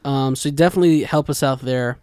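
A man's voice: medium pitch, fairly quick, darkish tone, clear, resonant tone, no echo, clean studio sound. A man co-hosting a casual podcast, walking through an anime episode scene by scene and reading out lines of dialogue. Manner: recounting scenes and quoting dialogue. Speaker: podcast co-host. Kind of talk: casual anime recap chat.

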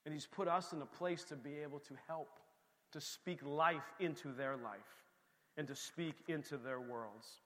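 A man preaching a sermon in a church, swinging between loud emphasis and soft, quiet passages. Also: a little high, a little slow, long reverb tail. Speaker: pastor.

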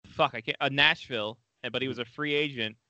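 A man's voice: medium pitch, fast, bright, forceful tone, no room sound, highs cut off. A man co-hosting a casual hockey podcast, blunt and joking. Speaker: podcast co-host. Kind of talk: casual sports chat.

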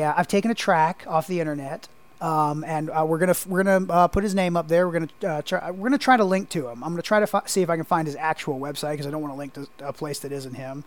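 A man co-hosting a casual podcast on a headset, rambling and hesitant with lots of fillers. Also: fairly high pitch. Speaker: podcast co-host.

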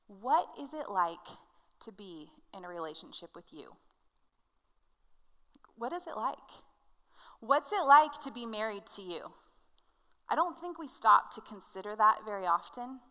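A woman pastor preaching a sermon to her congregation, telling a personal story in an animated, conversational way. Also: medium pitch, big-room sound, poor audio. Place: church hall.

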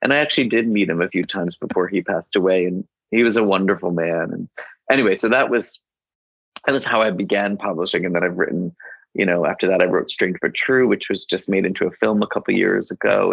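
A man's voice: low voice, a little fast, creaky, a bit bright, breathy edge, no echo, highs cut off. A man guest on an author interview, telling a rambling story full of restarts and quoted dialogue. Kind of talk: casual anecdotal storytelling.

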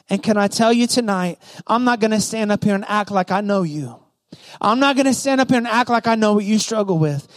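A man's voice: sits high, fairly quick. A young man preaching a sermon to youth, emphatic and repetitive, checking in with the crowd with "right?".

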